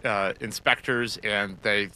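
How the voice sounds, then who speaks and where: A male reporter gives animated analysis on a news panel, piling up thoughts and restarting sentences. His voice has a very bright, sharp timbre. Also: fairly low pitch, takes it slowly, poor audio.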